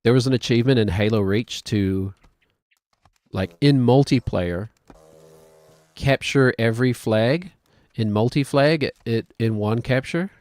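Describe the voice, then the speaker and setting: A man's voice: medium pitch, unhurried, darkish tone, dry recording. A man with a New Zealand accent, likely in his thirties, streaming a video game and thinking aloud in a rambling, self-deprecating way. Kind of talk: casual gaming commentary.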